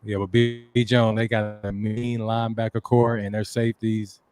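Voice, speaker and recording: A man who used to coach, co-hosting a sports talk show in a lively, joking way. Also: fairly low pitch, moderate pace, clear, resonant tone, no echo. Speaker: former coach, podcast co-host. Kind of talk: casual chat.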